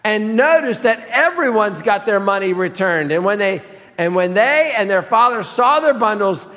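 A male pastor delivering a sermon in a high voice, emphatic and questioning his listeners directly. His words ring out with a long reverb across a church sanctuary. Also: animated, moderate pace, bright, forceful tone.

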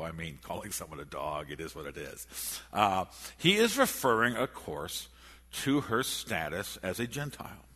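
A man preaching a sermon in a church, animated and storytelling, with frequent restarts. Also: fairly low pitch, husky. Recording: echoey hall.

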